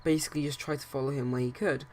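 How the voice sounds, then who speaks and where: A man's voice: medium pitch, fairly even intonation, racing, a little mellow. A man casually narrating his life-sim game let's play, rambling with many hesitations and restarts. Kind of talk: casual game commentary and storytelling.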